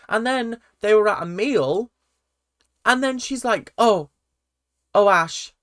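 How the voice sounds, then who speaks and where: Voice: mid-range voice, lively intonation, takes it slowly, long pauses, a bit bright, no room sound, studio quality. A reality TV reaction vlogger, casual and sarcastic, often repeating phrases in exasperation.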